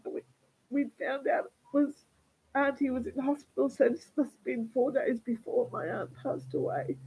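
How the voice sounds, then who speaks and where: Husky-voiced woman rambling. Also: high-pitched, warm tone, low-quality recording. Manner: rambling, halting with repeated words. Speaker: vlogger. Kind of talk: casual livestream monologue.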